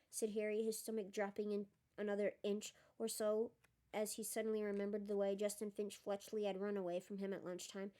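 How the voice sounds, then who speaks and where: A woman narrating an audiobook with steady, measured reading. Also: medium pitch. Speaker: audiobook reader. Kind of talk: storybook narration.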